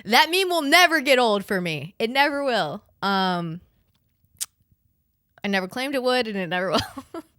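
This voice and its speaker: A woman's voice: a little high, expressive, measured pace, a bit bright. A young adult woman hosting a podcast, rambling and chatty with lots of "like" and casual swearing. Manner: chatty, profane and rambling, full of "like". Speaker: podcast host. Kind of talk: casual chat.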